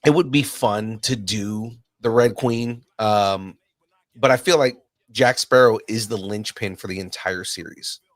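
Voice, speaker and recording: A man's voice: fairly low pitch, measured pace, no echo. A man hosting a casual pop culture podcast, chatting and reading news items aloud with jokes. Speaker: podcast host. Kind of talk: casual chat.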